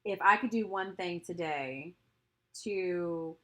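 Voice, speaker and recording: A young adult woman co-hosting a podcast, talking in a relaxed, reflective way and backing her co-host with frequent mm-hmms. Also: lowish voice, slow pace. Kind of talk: casual chat.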